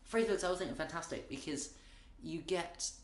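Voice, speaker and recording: A man's voice: fairly high pitch, a little fast. Wry British man in an echoey room. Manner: wry, rambling, self-interrupting. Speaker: comedian. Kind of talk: comic monologue.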